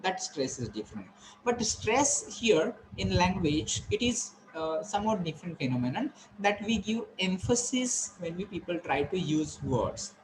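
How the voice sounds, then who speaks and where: Lecturer, a bit high. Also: male voice, big pitch swings, normal speed, a little hiss or hum, low-quality recording. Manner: explanatory, repetitive, many fillers and restarts. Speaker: college lecturer. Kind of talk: classroom lecture.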